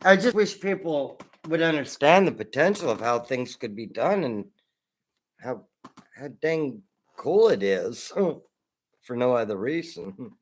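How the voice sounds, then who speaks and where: A man's voice: mid-range voice, very animated, measured pace. Rambling laughing man on a livestream. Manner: rambling, laughs often, reads chat aloud. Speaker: livestream host. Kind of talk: casual livestream chat. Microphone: headset.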